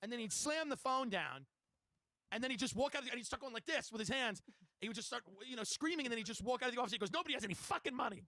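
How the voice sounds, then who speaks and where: Male podcast guest, very high bright voice, quick animated storyteller. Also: no echo. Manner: animated, laughs while telling stories. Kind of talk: storytelling in casual chat.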